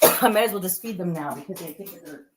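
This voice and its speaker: A woman cooks in her home kitchen while hosting a casual livestream, talking to viewers and her dogs and still coughing a little. She talks quickly in a lowish voice, with slight background noise and dogs barking.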